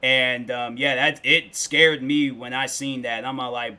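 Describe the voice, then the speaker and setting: A man's voice: mid-range voice, fairly even intonation, a little slow, hardly any pauses, sharp tone, smooth. A man in his twenties chatting casually with viewers on a livestream, rambling and loose, with lots of filler words. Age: 20s. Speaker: streamer.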